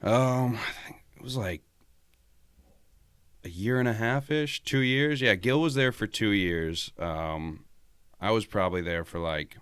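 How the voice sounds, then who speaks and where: Laid-back deep-voiced guy telling stories. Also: lively intonation, unhurried, long pauses, fairly bright tone, clean tone, no room sound, clean studio sound. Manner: laid-back, swears a lot, laughs often. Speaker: podcast guest. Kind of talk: casual storytelling chat.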